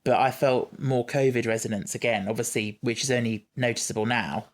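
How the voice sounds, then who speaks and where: A man's voice: medium pitch, fairly even intonation, brisk. A man co-hosting a podcast, chatting casually and thoughtfully about a TV series, with frequent fillers and restarts. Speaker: podcast co-host. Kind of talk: casual chat reviewing a TV series.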